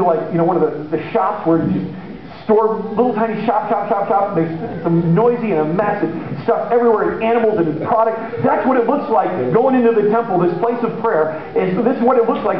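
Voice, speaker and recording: High-voiced man preaching in an echoey church. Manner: casual, animated storytelling with acted-out voices. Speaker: pastor. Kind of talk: sermon. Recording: echoey room, dull lo-fi sound, faint hiss.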